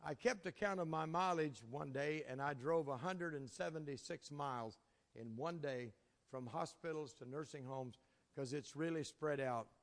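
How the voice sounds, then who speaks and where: A man's voice: fairly high pitch, normal speed. A man preaching a sermon, telling folksy stories from his ministry with chuckles. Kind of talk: sermon storytelling. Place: church sanctuary. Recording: long reverb of a large hall.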